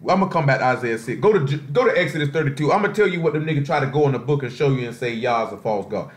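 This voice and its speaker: A man's voice: medium pitch, lively intonation, rapid-fire. A man giving an informal sermon on a conference call, talking in a loose, streetwise way full of rhetorical asides. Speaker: preacher. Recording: roomy echo.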